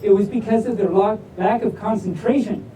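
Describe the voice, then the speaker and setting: A woman's voice: medium pitch, brisk, warm tone. A woman hosting a playful live story reading at a convention, rambling goofily and poking fun at her own jokes. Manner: goofy, rambling, self-mocking jokes. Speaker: storyteller host. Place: convention room with live audience. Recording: echoey room, distant mic, faint noise.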